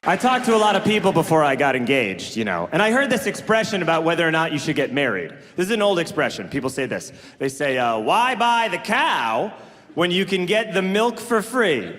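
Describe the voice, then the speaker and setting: High-voiced man riffing incredulously on stage. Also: big pitch swings, brisk, fairly bright tone. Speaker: stand-up comedian. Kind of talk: stand-up comedy routine. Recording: reverberant hall with crowd and noise.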